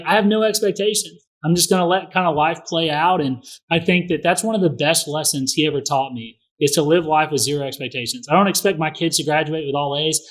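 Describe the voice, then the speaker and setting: A man's voice: on the high side, fairly bright tone. A middle-aged man, a guest on a podcast, talking bluntly and swearing freely in casual conversation. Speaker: podcast guest, real estate investor.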